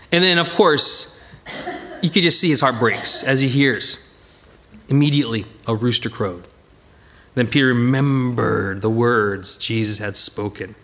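A man teaching a casual Bible study, who talks in a lively way and acts out the people in the story. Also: a little high, normal speed. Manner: animated, acts out voices of the characters.

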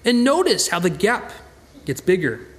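At a moderate pace and in a high voice, a pastor delivers a sermon that feels like conversation, animated and chatty, with frequent restarts and repeated words.

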